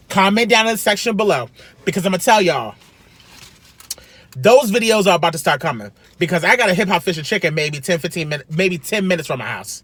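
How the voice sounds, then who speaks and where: A man chatting casually while eating, a food vlogger with an animated, sassy way of talking, recorded in a parked car. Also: high voice, brisk, no echo. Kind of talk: casual mukbang chat.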